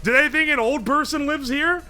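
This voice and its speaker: Young male streamer, high bright voice, excitable, swears while tinkering, faint music behind. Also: normal speed. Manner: excitable, swears a lot, thinks aloud. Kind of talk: casual live-stream chat while tinkering.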